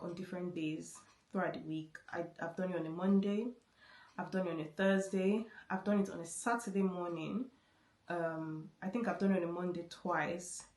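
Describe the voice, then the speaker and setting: Chatty woman vlogger, echoey room. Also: fairly low pitch. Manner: chatty, many restarts and repeated words. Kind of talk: casual story-time chat. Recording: roomy echo.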